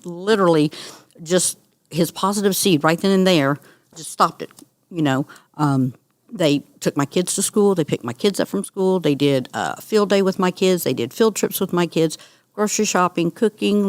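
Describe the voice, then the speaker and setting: A middle-aged woman, a guest on an interview, telling her story in an earnest, animated way. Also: on the low side, no room sound. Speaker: guest, cancer survivor. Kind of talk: conversational interview.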